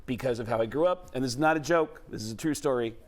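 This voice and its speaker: A man's voice: medium pitch, fast talker. A man from the Bronx, a comedian and impressionist guest, telling stories on a talk show and slipping into voices. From the Bronx, New York. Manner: animated, jumps into voices and impressions.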